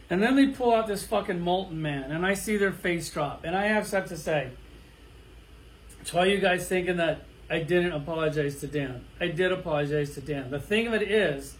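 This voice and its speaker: A man's voice: high-pitched, a little hiss or hum. A middle-aged man ranting bluntly and crudely, firing off rhetorical questions in a profane monologue. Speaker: toy collector vlogger.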